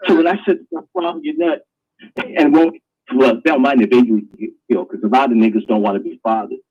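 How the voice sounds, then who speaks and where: A man's voice: mid-range voice, brisk, slightly rough, dull audio. A man hosting a live online talk show, ranting in a crude, preachy way. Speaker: host.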